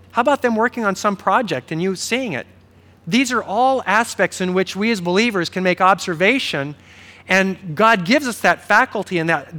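Male pastor, high-pitched and bright, conversational sermon delivery. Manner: conversational, animated storytelling with quoted dialogue.

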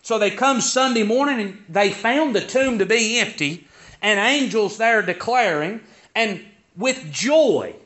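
A man preaches a sermon, his high voice swinging widely as he builds to emphatic peaks. He speaks slowly with a bright, forceful tone and leans on folksy rhetorical questions. The recording is dull and lo-fi. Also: lively intonation.

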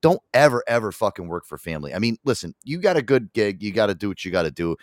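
A man hosting a podcast, chatting casually and swearing freely while telling animated stories. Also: lowish voice, quick pace, dry recording, studio quality. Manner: profane, animated storytelling. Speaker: podcast host. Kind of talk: casual chat.

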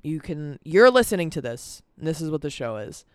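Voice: mid-range voice, very animated, fairly quick, smooth, dry recording, studio quality. An eighteen-year-old podcast host talking in a tired, rambling, sweary way, full of "like" fillers, about stress and a busy month. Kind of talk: casual vlog-style chat. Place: cold indoor room. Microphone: camera on a timer.

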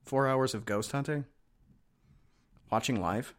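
A man's voice: mid-range voice, a little slow. A man from Wisconsin co-hosting a casual chat podcast, wry and offhand as he skims through listings. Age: 30s or older. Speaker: podcast co-host.

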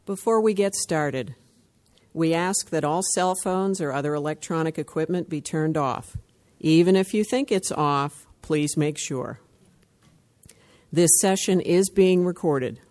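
A meeting chair reading the opening format and rules of a support-group workshop in a steady, formal manner. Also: mid-range voice. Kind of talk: reading a prepared meeting script aloud.

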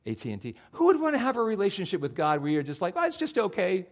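Male pastor, slightly high voice, chatty sermon delivery that acts out his inner voice. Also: very fast. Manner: conversational, animated, acts out his own inner voice.

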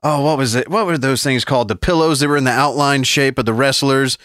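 A man in his forties co-hosts a podcast, telling stories in casual, profane chat with frequent laughs. His mid-range voice moves fast, and the studio-quality recording has no echo.

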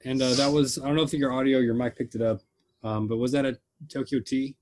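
A man's voice: medium pitch, flat delivery, a little fast, a little mellow. A young man hosting a casual podcast chat, telling rambling jokey stories. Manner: rambling, joking storyteller. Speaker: podcast host.

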